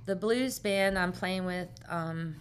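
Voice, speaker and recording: A woman's voice: lowish voice, takes it slowly, clean tone. A woman musician, a guest on the show, chatting casually and telling a story with frequent laughs. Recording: loud guitar under the voice. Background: guitar music.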